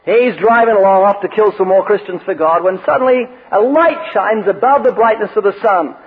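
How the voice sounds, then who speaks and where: High-voiced preacher on tinny radio. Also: male voice, brisk, husky. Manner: joking, anecdotal preaching with scripture readings. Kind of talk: sermon. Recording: phone-like radio broadcast with long reverb.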